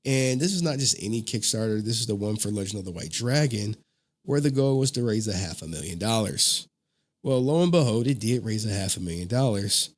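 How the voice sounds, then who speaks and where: A man's voice: lowish voice, a little fast, a little hiss or hum. Laughing, slangy man hosting commentary. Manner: animated, swears, laughs often, slangy. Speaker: online commentary host. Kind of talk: casual commentary.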